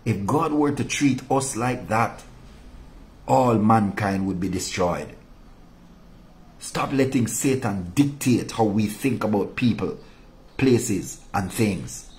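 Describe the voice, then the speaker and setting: Preaching slowly but with animation, a male pastor rebukes his listeners in an impassioned sermon, going quiet and low whenever he wants a point to land.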